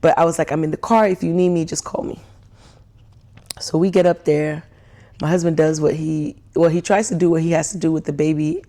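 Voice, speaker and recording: A woman's voice: sits low, a little fast. A young woman telling a frustrated story in a casual rant, often laughing and acting out what people said. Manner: animated, laughs often, acts out quoted dialogue. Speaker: vlogger.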